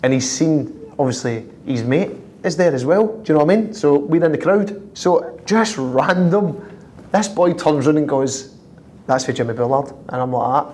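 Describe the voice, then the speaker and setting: A man's voice: on the high side, slight background noise. Chuckling Glaswegian man telling stories. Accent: Scottish (Glasgow). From Scotland. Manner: lively, chuckling, acts out others' lines in quick quoted voices. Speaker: professional footballer, guest. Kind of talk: anecdotal storytelling in an interview. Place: office high in a city tower.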